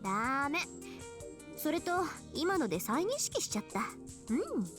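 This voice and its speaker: A woman's voice: high voice, huge pitch swings, brisk, music in the background. A woman voicing a confident, teasing teenage girl in a visual novel, bossy and playful in manner.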